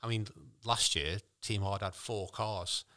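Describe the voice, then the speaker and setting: A man with a low, bright voice, chatting casually as a co-host. He talks with an enthusiastic, jokey manner and laughs often. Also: fairly even intonation, unhurried. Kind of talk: casual chat.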